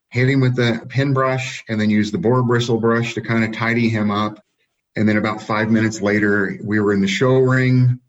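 Guy with a lowish voice chatting about showing his dogs, easygoing, kinda muffled audio. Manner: relaxed, anecdotal, laughs at own stories. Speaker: dog breeder and show handler. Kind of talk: casual storytelling.

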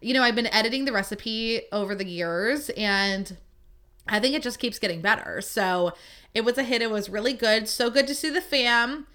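A young woman with a bright, sharp-edged voice hosts her own podcast, rambling through a story in casual chat. She talks in a chatty, lively way, with plenty of "like" and the occasional swear word. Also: a little high, normal speed. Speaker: podcast host.

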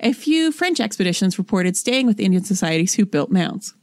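A young adult woman co-hosting a casual chat podcast, reading notes aloud in a matter-of-fact way and slowing down on names. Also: mid-range voice, big pitch swings, a little mellow, no echo. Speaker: podcast co-host.

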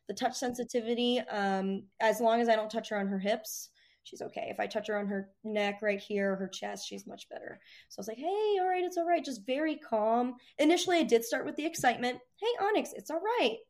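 Woman, fairly high voice, animated storyteller, casual interview guest. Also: a little fast. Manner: animated, acts out voices to her dog. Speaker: dog trainer guest.

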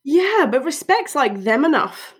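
A woman's voice: sits high, sing-song, a little slow. Chatty young woman co-hosting a podcast. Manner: chatty, full of "like" and restarts, laughs often. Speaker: podcast co-host. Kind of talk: casual chat.

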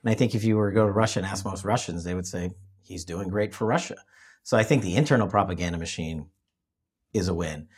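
Emphatic male show host, low and husky, political talk. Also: fast. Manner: emphatic, repeats himself when restarting. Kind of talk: political discussion.

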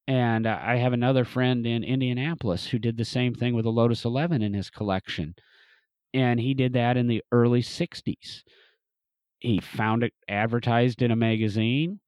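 A man's voice: mid-range voice, a little mellow, dry recording. A man telling a long casual story about a car restoration, rambling with frequent restarts and fillers. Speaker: museum restoration specialist, podcast guest or host.

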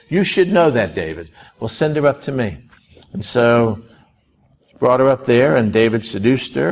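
Male preacher, sermon delivery, gravelly texture, dramatic storytelling with swings of pitch. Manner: storytelling, animated, with sudden rises and drops.

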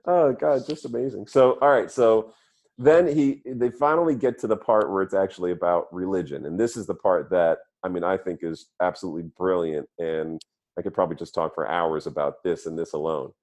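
A man's voice: sits low, brisk, darkish tone. A man in casual conversation, retelling a comedy bit with enthusiasm and frequent laughter. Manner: enthusiastic storyteller, laughs often. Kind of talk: casual chat.

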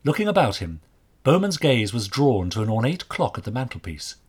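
Husky, expressive male story narrator. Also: medium pitch, brisk. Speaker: audiobook narrator.

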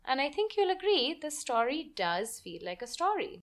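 A woman's voice: sits high, big pitch swings, moderate pace. A woman hosting a podcast who teaches storytelling for marketing and reads a short story aloud expressively.

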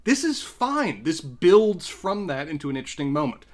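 A man's voice: on the high side, sing-song, moderate pace. A man co-hosting a podcast, giving opinionated critiques in casual discussion. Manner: opinionated, critiques character writing. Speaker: podcast co-host.

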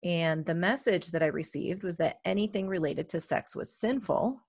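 A woman's voice: fairly low pitch, normal speed, husky, dry recording. Chatty woman podcast host. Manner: chatty, reflective, many fillers. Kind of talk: casual podcast chat.

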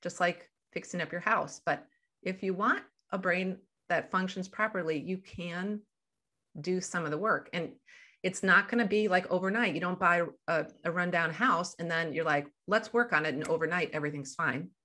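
A woman's voice: lowish voice, fairly even intonation, moderate pace, bright, forceful tone. A woman guest on a podcast interview, a life coach talking over a video call and explaining through everyday examples.

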